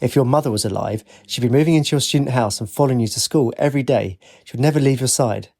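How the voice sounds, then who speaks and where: A protective middle-aged father, stern and earnest, speaking in a rough, gravelly voice, read by a male narrator. The tone is plain and steady, as in an audiobook. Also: mid-range voice, fast talker.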